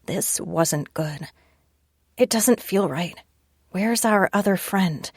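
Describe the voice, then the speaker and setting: A woman's voice: medium pitch, slow pace, a little mellow, breathy edge, no echo. A woman reading a first-person audiobook narration with a tense, wry inner voice, close to a studio mic.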